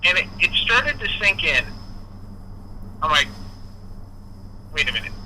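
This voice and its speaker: Animated man telling a story over a noisy phone line. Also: sits high, normal speed, long pauses. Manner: animated, acts out quoted dialogue. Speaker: guest musician. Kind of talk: casual storytelling.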